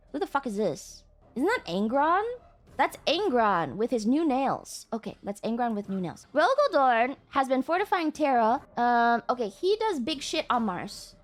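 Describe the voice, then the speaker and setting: High-voiced, profane woman streamer. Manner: profane, exasperated outbursts at chat. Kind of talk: casual livestream chat.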